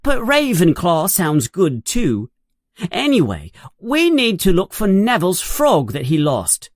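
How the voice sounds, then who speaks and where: A narrator voicing a bossy, fast-talking know-it-all schoolgirl in a children's story, pitching the voice higher. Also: wildly swooping pitch, no echo, studio quality. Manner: quick and bossy.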